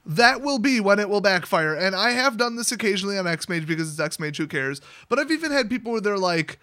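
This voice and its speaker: A man's voice: high voice, animated, a little fast, hardly any pauses, sharp tone. A young man telling a card game story in a casual, sarcastic, exasperated rant. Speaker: card game content creator.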